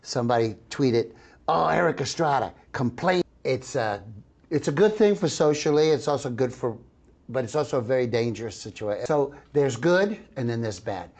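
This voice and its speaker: Excitable older man rambling in interview. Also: mid-range voice, normal speed. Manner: excitable, rambling with frequent restarts. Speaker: actor interviewed about a film. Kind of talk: casual interview.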